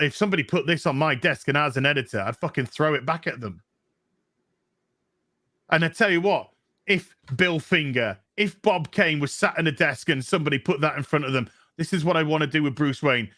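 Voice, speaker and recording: A man's voice: fairly high pitch, no echo. A man co-hosting a comic book panel show, ranting heatedly with constant swearing and mocking voices. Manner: profane and animated, mocking voices of others. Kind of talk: heated opinion rant on a livestream panel.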